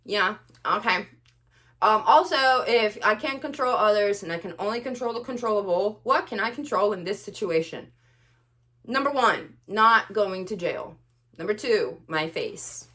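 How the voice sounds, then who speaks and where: A young woman ranting to the camera in a vlog, sarcastic and animated, swinging between loud outbursts and quiet asides. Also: medium pitch, unhurried. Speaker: vlogger.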